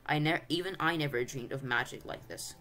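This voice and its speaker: Brief: reader doing a gloating old uncle in his sixties, pompous and greedy, pitched a bit higher, faint music under. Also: brisk, bright, forceful tone, lightly acted. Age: 60s. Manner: blustering, gloating, self-important. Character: excitable greedy old English uncle, male.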